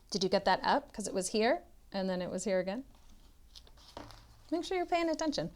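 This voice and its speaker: A woman tutoring literacy, reading a storybook aloud to children in an expressive way, now and then dropping to a soft whisper. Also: a little high.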